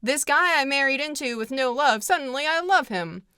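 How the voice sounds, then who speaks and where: A woman's voice: high voice, lively intonation, moderate pace, bright, forceful tone, dry recording, studio quality, pitched above the performer's own voice. A woman voicing a dramatic young Southern belle heroine in a breathless, overwrought, theatrical way. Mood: gushing.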